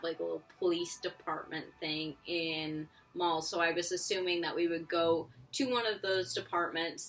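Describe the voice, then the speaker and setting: A woman's voice: fairly low pitch, sharp tone, recorded from a distance. A woman vlogger telling a story in a casual, chatty way, laughing often and filling her talk with "like". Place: home near a busy road.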